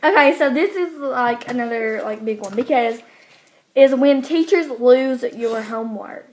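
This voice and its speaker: Teen girl, slightly high voice, rambling, full of fillers. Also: unhurried. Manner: rambling, hesitant, many fillers. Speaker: co-host. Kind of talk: casual chat.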